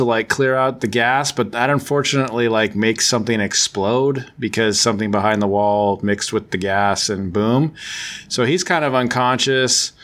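Recapping a comic book plot on his podcast, a man speaks in a medium pitch with a fairly bright tone. The delivery is loose and rambling casual chat, packed with fillers and self-corrections.

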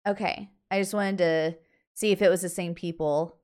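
A woman's voice: lowish voice, fairly even intonation, moderate pace, a little mellow, smooth. A woman co-hosting a podcast in casual chat, asking questions and giving short agreeing replies. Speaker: podcast co-host.

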